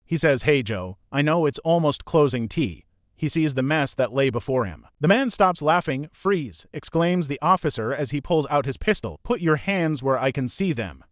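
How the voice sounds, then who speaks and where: A man reading a reddit story aloud as scripted narration, voicing every character in the same even narrating voice. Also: a little high, no room sound, studio quality.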